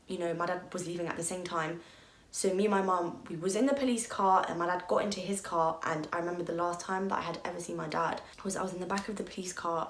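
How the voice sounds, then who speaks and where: A woman's voice: on the low side, fairly bright tone, a little hiss or hum. A young woman telling a personal story on her vlog, candid and emotional, peppered with "like" and the odd swear. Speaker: vlogger. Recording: echoey room.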